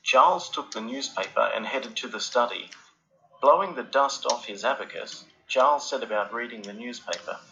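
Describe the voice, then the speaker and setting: A man narrating a storybook in an even, measured way. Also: mid-range voice, highs cut off.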